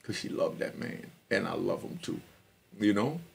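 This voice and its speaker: A man's voice: fairly low pitch, expressive, normal speed, vocal fry, slight background noise. A middle-aged man telling his personal story as a podcast guest, emphatic and streetwise, speaking straight to his listeners.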